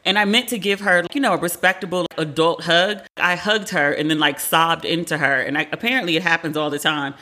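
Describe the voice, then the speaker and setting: A woman in her forties with a bright, sharp tone, talking casually as a show host. She is candid and chatty, swears freely and slips into the voices of the people she quotes. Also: lowish voice, a little fast, few pauses. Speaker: podcast host. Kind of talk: casual pop-culture commentary.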